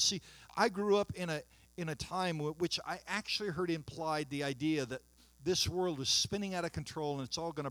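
A man preaching a sermon, building to fervent declarations and then leading a hushed recitation of the creed and confession. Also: no room sound. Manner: fervent, rising declarations with long pauses; hushed, low liturgical recitation. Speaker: pastor.

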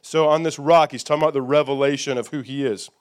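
A man's voice: medium pitch, steady tone, fast, clear, resonant tone. A middle-aged male pastor preaching a sermon in a conversational way, often checking in with his listeners with "okay?" and "amen?".

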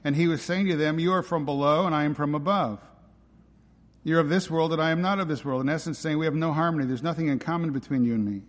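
A man's voice: a little high, fast talker. Emphatic male preacher in a reverberant hall. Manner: emphatic preaching with rhetorical questions. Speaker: pastor. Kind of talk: sermon.

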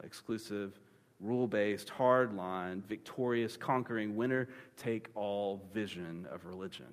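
A man preaching a sermon, retelling a scripture story in a lively, joking way with comic asides. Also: fairly low pitch. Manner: animated, playful storytelling with dad-joke humor. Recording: long reverb of a large hall.

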